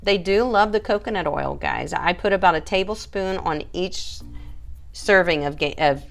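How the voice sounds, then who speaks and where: A woman's voice: lowish voice, moderate pace, creaky, faint music behind. A woman, a pet groomer, hosting a casual live stream, chatty and emphatic as she answers viewers by name.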